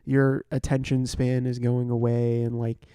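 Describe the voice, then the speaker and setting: Chill young dude on a podcast, mellow smooth voice, says like a lot. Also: male voice, mid-range voice, monotone, a little slow, no room sound, studio quality. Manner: rambling, many "like" fillers, laid-back. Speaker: podcast co-host. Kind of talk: casual chat.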